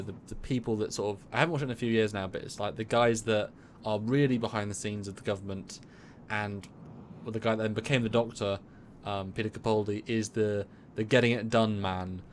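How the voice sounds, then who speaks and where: A man co-hosting a casual livestream chat, rambling with many restarts and quick asides. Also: lowish voice, fairly even intonation, slight background noise. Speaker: co-host.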